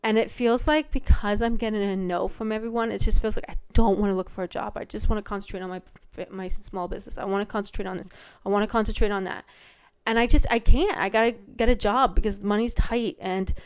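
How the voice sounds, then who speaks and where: A woman's voice: mid-range voice, fairly even intonation, fast, clean tone. A middle-aged woman hosting a casual solo podcast from home, rambling and chatty with many ums and likes. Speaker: podcast host. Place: home, by a window.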